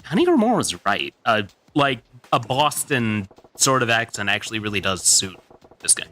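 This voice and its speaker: A man's voice: medium pitch, very animated, moderate pace, pushed and bright. A man giving sarcastic, theatrical let's-play commentary as a mock-villain streamer persona. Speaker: VTuber streamer.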